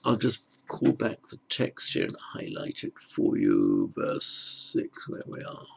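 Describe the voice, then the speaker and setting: A man teaching Sanskrit grammar in an online lesson, explaining slowly and carefully and correcting himself as he goes. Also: lowish voice, wildly swooping pitch, gravelly, breathy edge.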